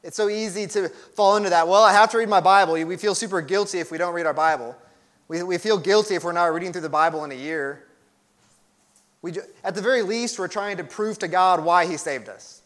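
Male pastor, young adult, earnest and emphatic sermon delivery, casual asides, voice a bit higher than most men. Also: fairly quick, fairly bright tone.

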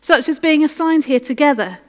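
A woman voicing a calm, devout young woman prisoner in a read-aloud story, serene and matter-of-fact, in an echoey hall. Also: high voice, fairly quick, voice pushed up. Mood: eager.

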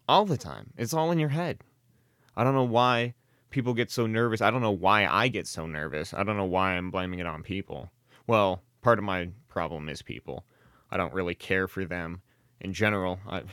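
A man's voice: lowish voice, a bit bright, clear, resonant tone, no echo, studio quality. A man hosting a solo podcast, rambling casually with constant swearing, self-deprecating jokes and sardonic asides. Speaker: podcast host.

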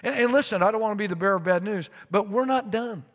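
A middle-aged man preaching a sermon as pastor, telling a long story with repeated phrases and lively asides. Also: high voice, fast talker. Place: church sanctuary. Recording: long reverb of a large sanctuary.

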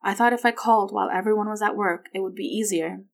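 A woman voicing a tearful young mother who talks in halting, broken phrases. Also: medium pitch, steady tone, natural voice. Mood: strained. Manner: hesitant, halting.

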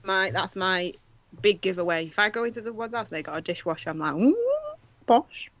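A woman's voice: fairly low pitch, quick pace, sharp tone. A woman, chatting casually and jokily as a podcast co-host, swearing now and then. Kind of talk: casual chat.

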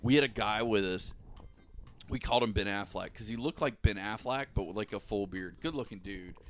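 A man's voice: on the low side, fairly quick, slight background noise. A man casually telling a long, profane story to friends, laughing and acting out the people in it. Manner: animated, profane, laughing storyteller who acts out quotes. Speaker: podcast co-host telling a story.

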